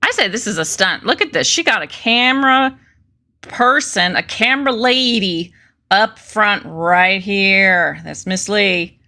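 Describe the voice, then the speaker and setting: A woman's voice: medium pitch, expressive, measured pace, pushed and bright. A woman hosting a casual political commentary stream, reading news aloud with sarcastic, chatty asides to her viewers.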